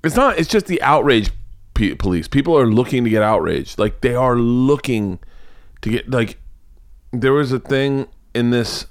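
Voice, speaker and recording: A man's voice: medium pitch, normal speed, no room sound. A man from the American South hosting a podcast, rambling and swearing in casual comedic chat. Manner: profane, rambling, animated. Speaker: podcast host.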